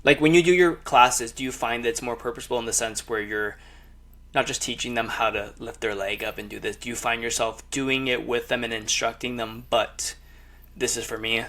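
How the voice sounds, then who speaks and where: Relaxed man hosting a podcast. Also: medium pitch, fairly quick. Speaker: podcast host. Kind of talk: casual chat.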